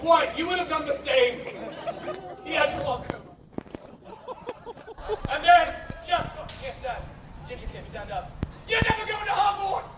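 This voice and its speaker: A man telling a comic story and directing audience volunteers in a loud, theatrical way at an outdoor festival. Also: very high-pitched, expressive, measured pace, long pauses. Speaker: street theater performer. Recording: echoey, distant, with crowd noise.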